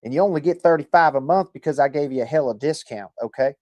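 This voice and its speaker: Speaking at a quick pace, the host has a slightly high voice with a darkish tone, captured on a dry recording. He's a man on a livestream who rambles, chats casually, reads viewer comments, and jokes and swears a lot, staying laid-back throughout.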